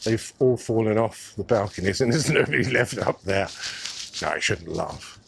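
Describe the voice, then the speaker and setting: A man's voice: on the low side, animated, moderate pace, vocal fry, a little hiss or hum. Chatty man on a walking tour. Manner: chatty, musing aloud, addresses viewers as guys. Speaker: vlogger. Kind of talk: casual walking-tour commentary. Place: outdoors on city streets. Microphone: clip mic under his coat.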